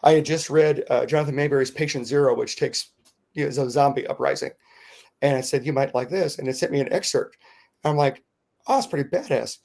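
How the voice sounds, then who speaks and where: A middle-aged man, a podcast co-host, telling a rambling, animated story in casual chat with lots of fillers. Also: medium pitch, a little fast, vocal fry.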